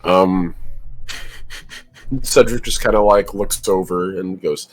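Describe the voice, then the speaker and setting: A man with a low voice narrates a tabletop role-playing game as its game master. He rambles through the scene, with lots of filler words. Soft music plays faintly behind him. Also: steady tone, slow, long pauses. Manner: rambling, filler-heavy, descriptive.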